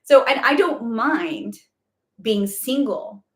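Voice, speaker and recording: A woman's voice: high voice, animated, slow pace, vocal fry. A woman hosting a casual live spiritual Q&A, chatty and rambling with lots of fillers. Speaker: spiritual guidance host. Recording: echoey room.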